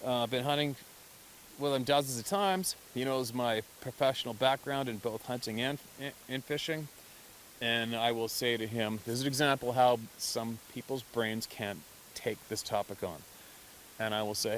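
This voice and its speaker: A man of ordinary pitch speaking in a loose, unscripted monologue about his outdoors life. He laughs often and acts out other people's reactions with lively shifts in his voice. A faint hiss sits under the recording. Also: moderate pace. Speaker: hunter telling encounter stories. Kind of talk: casual monologue.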